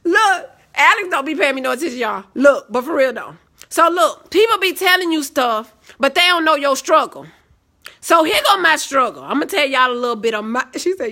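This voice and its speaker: A young woman, hosting a casual live stream and telling sassy, animated stories. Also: high-pitched, moderate pace. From Southern United States.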